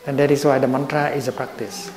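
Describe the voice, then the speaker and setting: An older man giving a slow, gentle dharma talk as a Buddhist teacher. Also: medium pitch, flat delivery. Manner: slow and gentle, with long pauses. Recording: roomy echo.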